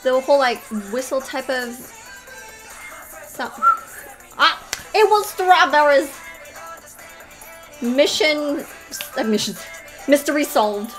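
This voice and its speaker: Excitable young woman reacting over music. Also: sits high, unhurried, long pauses. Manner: animated, exclaiming and laughing at what she watches. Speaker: video reaction host. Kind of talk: casual reaction commentary. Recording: music playing behind her voice. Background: faint music.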